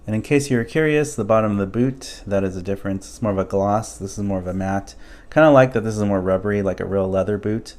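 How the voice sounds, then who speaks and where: A man's voice: fairly low pitch, fast talker. Laid-back man reviewing toys. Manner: relaxed, thinking aloud with fillers. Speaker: toy reviewer. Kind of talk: casual product review.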